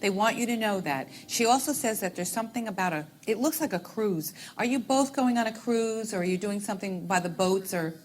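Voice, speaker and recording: A woman's voice: medium pitch, expressive, brisk, hardly any pauses, darkish tone. A woman working as a stage medium, addressing audience members one by one and calling them sweetheart and honey. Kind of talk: live audience reading.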